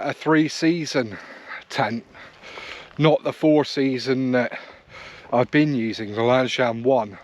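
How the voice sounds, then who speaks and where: A man, chatting easily to the camera while walking on open moorland. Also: on the high side. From South West England. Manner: chatty, rambling, easygoing, talks to camera while hiking. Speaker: wild camping vlogger. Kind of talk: casual walking vlog commentary. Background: faint outdoor ambience.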